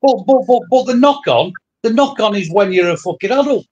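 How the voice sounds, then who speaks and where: High-voiced blunt man. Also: lively intonation, fairly quick, darkish tone, highs cut off. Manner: blunt, sweary. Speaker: electrician, co-host. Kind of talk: casual live-stream chat.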